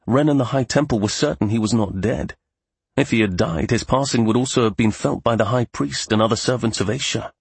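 A man narrating a fantasy story at a steady, measured pace. His voice is very husky with a gravelly rasp, recorded close and dry. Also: mid-range voice, no room sound. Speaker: audiobook narrator.

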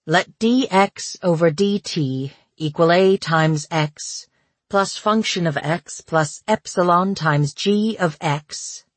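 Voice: medium pitch, no echo. A narrator voicing a nervous young male academic with a vaguely British accent. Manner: nervous, halting delivery.

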